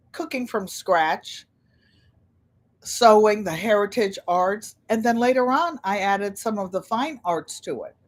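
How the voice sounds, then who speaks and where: An older woman hosting a casual livestream, chatting and telling stories with animated quoted voices. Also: mid-range voice. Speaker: channel host.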